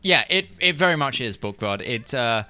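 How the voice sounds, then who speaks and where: A man's voice: medium pitch, expressive, moderate pace, bright, forceful tone. A man running a tabletop horror game as game master, narrating scenes unhurriedly with frequent fillers.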